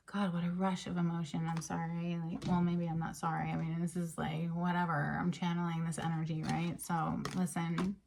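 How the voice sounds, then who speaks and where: A woman giving a casual tarot card reading, chatty and emotional, sometimes dropping into breathy half-whispers. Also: fairly low pitch, little pitch movement, moderate pace, slight background noise. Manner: chatty and emotional, with frequent fillers and soft laughs. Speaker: tarot reader.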